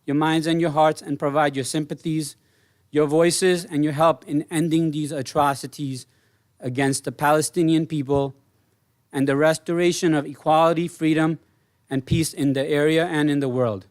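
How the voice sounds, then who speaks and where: Guy reading a fired-up formal statement at a town board meeting, voice a bit high, dry sound. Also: steady tone, moderate pace, no echo. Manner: grave, impassioned, formal. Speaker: resident speaking at public comment. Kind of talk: prepared public comment read aloud. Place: village board meeting room.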